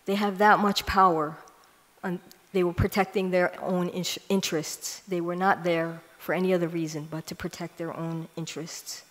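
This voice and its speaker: A woman's voice: on the low side, little pitch movement, moderate pace. A woman giving a prepared conference talk, telling a personal story earnestly and stressing key lines. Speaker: conference speaker. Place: large church hall. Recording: long hall reverb.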